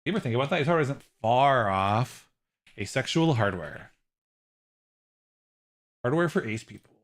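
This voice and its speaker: A man streaming a game, chatting casually and rambling, swinging from high squealing outbursts to low trailing mumbles, swearing freely. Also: moderate pace. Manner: rambling and excitable, jumping into high squeals and mock outrage. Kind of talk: casual livestream chat while gaming.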